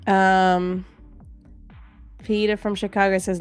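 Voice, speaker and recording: Woman, live-stream host, casual chat, playful and teasing, mid-pitched voice, soft music underneath. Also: little pitch movement, slow. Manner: playful, laughs often, teasing. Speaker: livestream trading show host.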